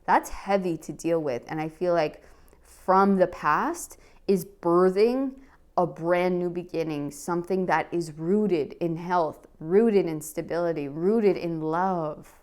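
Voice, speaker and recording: A woman giving an animated, encouraging tarot card reading to camera, often checking in with "okay?". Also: lowish voice, takes it slowly. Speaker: tarot reader.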